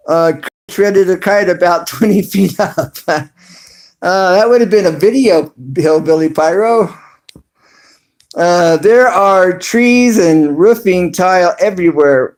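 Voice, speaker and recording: A man hosting a casual livestream, reading viewer comments aloud with lots of fillers and little chuckles. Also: high voice. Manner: reads chat aloud haltingly with many fillers and chuckles. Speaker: livestream host.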